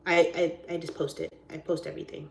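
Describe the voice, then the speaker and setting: A woman's voice: low voice, flat delivery, fast, gravelly. A woman realtor chatting casually on a live stream, goofy and rambling in a silly, friendly way. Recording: roomy echoey sound.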